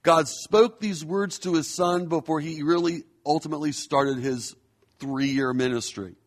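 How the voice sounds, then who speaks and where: A man preaching a sermon in an earnest, measured way, slowing down to stress key phrases. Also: on the high side. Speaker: pastor.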